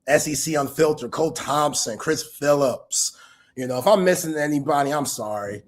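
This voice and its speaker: A man with a voice on the high side hosts a casual sports talk livestream at a moderate pace. He rambles loosely but sincerely, his chat packed with street slang.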